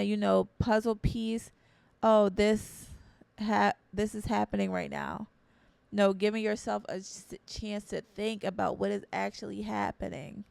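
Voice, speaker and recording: A woman's voice: mid-range voice, vocal fry, darkish tone, no echo. A young woman hosting a podcast, talking in an earnest, conversational way with slangy phrasing, repeating her key points. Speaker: podcast host. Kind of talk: casual motivational talk.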